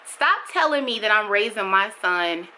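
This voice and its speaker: A young woman speaks straight to camera in an impassioned, emphatic vlog, her voice bright and forward. She leans on repetition to drive points home, with a faint hum of room noise behind her. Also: animated, moderate pace, poor audio. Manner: bursts high and loud when mimicking others. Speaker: vlogger. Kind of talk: candid vlog monologue.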